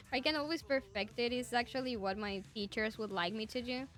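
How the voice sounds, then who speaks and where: Bright young woman, Spanish accent. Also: a little high, normal speed, soft background music. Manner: enthusiastic, rambling. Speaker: streamer. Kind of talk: casual chat with viewers.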